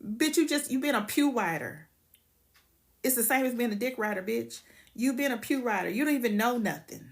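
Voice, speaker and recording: A woman's voice: on the high side, animated, brisk, gravelly. A woman hosting a casual livestream, ranting bluntly and profanely and greeting viewers by name. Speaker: livestream host.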